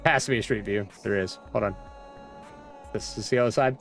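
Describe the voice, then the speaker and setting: A vlogger from West Virginia, USA (also described as from Virginia) browses a map while casually telling a rambling childhood story full of restarts and asides. He has a lowish voice with vocal fry, talks fairly quickly, and faint music plays behind him.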